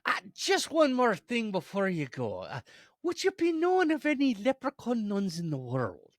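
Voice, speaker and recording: A man's voice: sits high, wildly swooping pitch, normal speed, dry recording, clean studio sound, pitched above the performer's own voice. A man voicing a persistent, overly polite male leprechaun in a told joke, with courteous old-fashioned phrasing. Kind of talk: joke telling.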